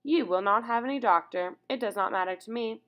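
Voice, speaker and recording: A woman's voice: a little high, fairly quick, fairly bright tone, lightly acted. A woman reading as a cold, sadistic commandant. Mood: cold, curt. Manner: curt, indifferent, mocking.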